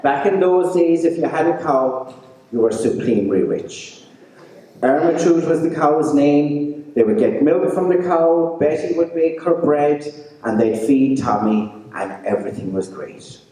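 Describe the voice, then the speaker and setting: An Irish man spinning a comic tale live, playful and full of teasing asides. His voice swings widely in pitch and sounds soft and mellow. It echoes through a large hall, picked up from a distance. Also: lively intonation, a little slow. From Ireland. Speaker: storyteller. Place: community centre hall. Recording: echoey hall, heard from far off.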